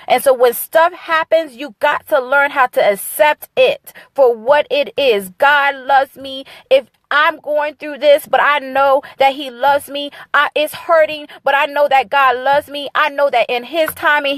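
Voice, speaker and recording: Fervent high-voiced woman preaching. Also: dry recording. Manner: fervent, repetitive, emphatic preaching cadence. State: emotional. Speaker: speaker of a ministry. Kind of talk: impassioned sermon-style encouragement.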